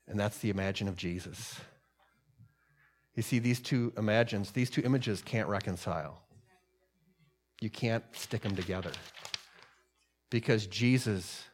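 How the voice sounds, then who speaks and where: Man preaching with rising fervor. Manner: preaching with swelling emphasis, dropping low for solemn points. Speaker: pastor. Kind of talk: sermon.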